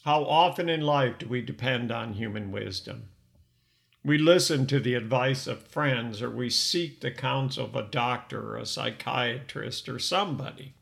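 A man's voice: medium pitch, normal speed, creaky, a bit bright. An older man hosting a podcast, telling his own life story in an earnest, reflective scripted narration. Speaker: podcast host.

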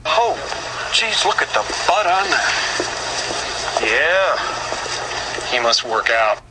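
A man's voice: a little high, big pitch swings, very slow, heavy background noise, heavily acted. A man putting on silly impression voices of a comedic film character. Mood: goofy. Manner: exaggerated silly put-on voices.

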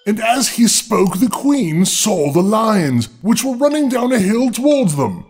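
A man telling a fairy tale with a high, lively voice that rises and falls a great deal. He breaks in with playful, wry asides, and soft music runs under his reading. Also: measured pace, husky. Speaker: storyteller host.

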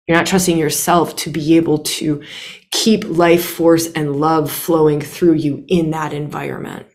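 Frank, gravelly-voiced woman teacher. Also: low voice. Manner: frank, profane and animated, acting out inner voices. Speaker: women's mystery school teacher. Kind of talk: candid teaching talk.

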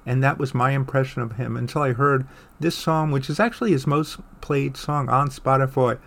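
Gravelly-voiced middle-aged music show host. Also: male voice, mid-range voice. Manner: relaxed and chatty, with frequent fillers. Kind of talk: casual radio back-announcing.

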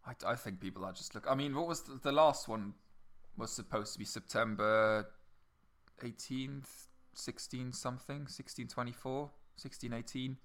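A man's voice: medium pitch, normal speed, fairly bright tone. A man co-hosting a casual podcast chat, speaking wryly with frequent stammered restarts. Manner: dry, wry, stammering restarts. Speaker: podcast co-host. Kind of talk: casual chat about Shakespeare's sonnets.

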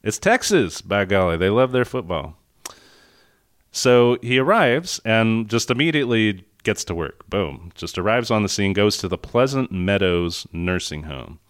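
A man in casual podcast chat, mocking a movie with animated, profane retelling and frequent laughter. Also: on the low side, measured pace, no room sound, studio quality.

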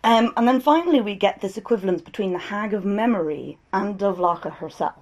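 A woman's voice: medium pitch, fairly quick. Amused woman retelling an old tale. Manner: amused, laughs often, animated retelling. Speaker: co-host discussing an old Irish tale. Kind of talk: casual conversational retelling.

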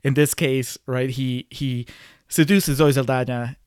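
Podcast co-host, mid-pitched man, chuckling and hesitant critic, dry close mic. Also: fairly even intonation, unhurried, clean tone, no room sound. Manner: chuckling, hesitant with uhs, posing hypotheticals. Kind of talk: casual movie review chat.

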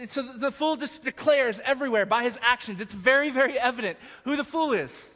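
A man's voice: very high-pitched, lively intonation, a little fast, few pauses, pushed and bright. A man preaching a sermon in an emphatic way, often repeating words as he builds a point. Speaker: pastor. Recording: muffled hall recording.

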